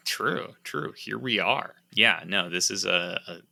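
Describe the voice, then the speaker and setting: A man's voice: lowish voice, lively intonation, slow, gravelly, sharp tone. A man co-hosting a podcast who chats casually about films, often restarting his sentences with amused asides. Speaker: podcast co-host. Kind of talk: casual movie discussion chat.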